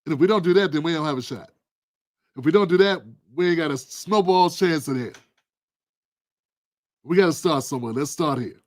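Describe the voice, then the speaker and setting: A man hosting his own political commentary livestream, talking in an animated, preachy, colloquial way. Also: fairly high pitch, brisk, long pauses, no room sound, clean studio sound. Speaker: livestream host.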